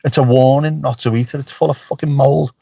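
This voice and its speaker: A man's voice: mid-range voice, fairly even intonation, fairly quick, creaky, dark tone, husky. A middle-aged man chatting casually on a livestream, joking and swearing freely as he answers the chat. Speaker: livestream host. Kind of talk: casual live-stream chat.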